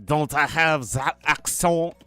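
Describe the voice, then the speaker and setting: A man's voice: a little high, slow pace, a bit bright, smooth, faint music behind. A man voicing a mock-pompous Frenchman in a put-on French accent, hammy and jokey.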